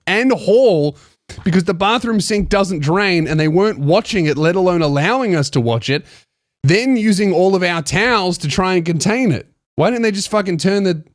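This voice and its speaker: A man's voice: sits high, no room sound, studio quality. A man hosting a comedy podcast, reading a listener's story aloud and riffing on it with crude, mocking jokes. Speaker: podcast host.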